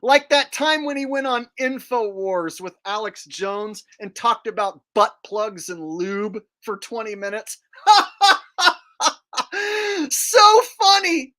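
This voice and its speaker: A man with a high, fairly bright voice hosts his own channel, delivering a casual commentary rant. He sounds sneering and boastful and swears freely.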